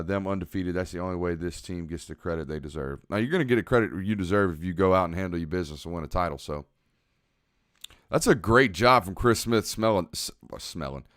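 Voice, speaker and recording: Young guy on a watch party stream, low smooth voice, dry close mic, laid back. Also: fairly quick, no room sound. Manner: relaxed, analytical, reads and answers chat. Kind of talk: casual live commentary with chat.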